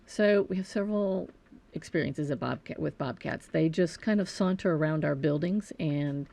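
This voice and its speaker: A woman who directs a nature center, answering questions in a casual interview as an animated, informative storyteller. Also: low-pitched, normal speed, vocal fry.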